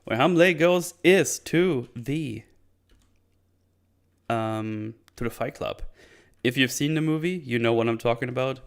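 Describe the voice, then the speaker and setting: A man's voice: mid-range voice, measured pace, long pauses. A man casually recapping a martial arts film, rambling loosely and swearing now and then. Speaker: film reviewer.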